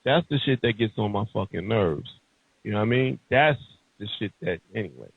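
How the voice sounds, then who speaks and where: A man's voice: lowish voice, expressive, fairly quick, gravelly, slightly rough. A man hosting a podcast, ranting heatedly and emphatically in casual, profane talk. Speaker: podcast host. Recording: tinny phone-like sound.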